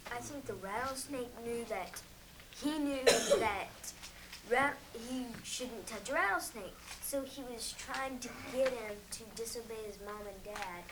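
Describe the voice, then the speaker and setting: A woman in the audience answering in a hesitant, halting way. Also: on the high side, heavy background noise. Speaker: audience member.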